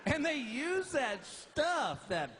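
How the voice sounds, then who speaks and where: A man's voice: very high voice, sing-song, slow pace, crowd noise, noisy background. A man, telling a stand-up comedy story and acting out both sides of the dialogue. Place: theater stage with a laughing audience. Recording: live stage recording, audience laughter.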